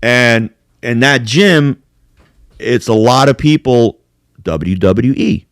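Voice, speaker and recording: A man's voice: medium pitch, expressive, slow, no echo, studio quality. A man telling profane, laughing anecdotes in a casual podcast chat. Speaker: podcast co-host.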